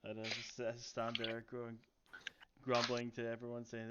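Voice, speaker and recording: Man muttering low as a player, dull sound. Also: completely flat delivery, moderate pace, heavy background noise. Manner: low grumbling, quiet mutter. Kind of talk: playing a tabletop game.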